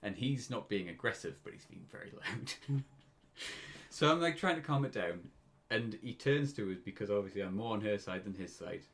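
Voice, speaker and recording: A man's voice: fairly low pitch, expressive, moderate pace, a bit bright. A British man in his twenties telling a story on a casual podcast, often breaking into laughter. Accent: British English. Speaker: podcast co-host.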